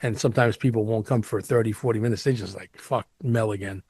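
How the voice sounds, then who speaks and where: A man hosting a podcast, telling a long story in a casual, animated, profane and exaggerated way. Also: on the low side, quick pace, gravelly, breathy edge, dry recording, studio quality. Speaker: podcast host.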